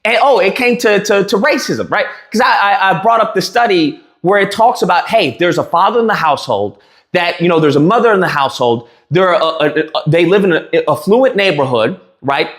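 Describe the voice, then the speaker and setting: A man's voice: high voice, lively intonation, brisk, a bit bright. A man casually retelling a heated argument, acting out the quoted lines with frequent restarts. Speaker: streamer telling a story. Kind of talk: casual storytelling rant. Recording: echoey room.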